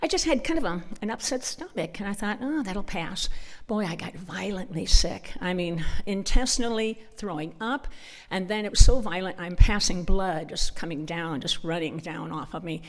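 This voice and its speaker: A woman's voice: lowish voice, moderate pace, few pauses. A woman with a northern US accent speaking at a church conference. She tells personal stories in a chatty, informal way and often breaks into laughter. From northern United States. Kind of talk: personal storytelling talk.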